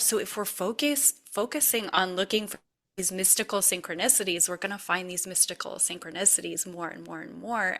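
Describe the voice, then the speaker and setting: A woman's voice: mid-range voice, bright, forceful tone. A woman podcast host in a casual chat, speaking in a reflective, affirming way.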